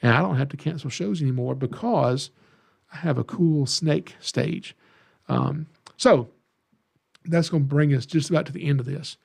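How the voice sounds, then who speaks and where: A man's voice: a little high, moderate pace, gravelly, darkish tone, husky. A middle-aged man from Georgia with a Southern accent, hosting a podcast and telling folksy, self-deprecating stories in a casual monologue. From Georgia, USA. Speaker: podcast host, snake educator.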